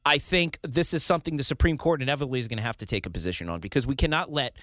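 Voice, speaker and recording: A man hosting a political talk show, opinionated and animated, often laughing and mimicking the people he criticizes. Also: medium pitch, very fast, dry recording, clean studio sound.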